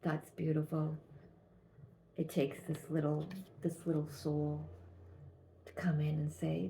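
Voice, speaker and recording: A woman giving a channeled tarot reading, talking gently and haltingly with many restarts. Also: low voice, completely flat delivery, vocal fry, slight background noise. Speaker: tarot reader.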